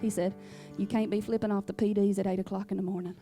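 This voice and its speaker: A woman's voice: mid-range voice, little pitch movement, fast talker, music in the background. Sassy Southern woman telling stories. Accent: Southern US, Louisiana. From Louisiana. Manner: folksy, sassy, down-home storytelling. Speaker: country singer. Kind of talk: storytelling between songs. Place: radio station performance studio.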